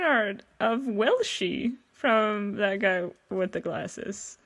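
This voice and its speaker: A woman's voice: mid-range voice, animated, extremely slow, hardly any pauses, a bit bright. A young woman casually commenting on her old artwork, self-mocking, swearing and laughing often, often trailing off mid-sentence. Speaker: vlogger.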